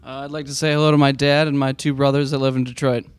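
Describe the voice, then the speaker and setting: A young man in his late teens, a graduating student, speaking softly and evenly. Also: medium pitch, level tone, fast, clear, resonant tone.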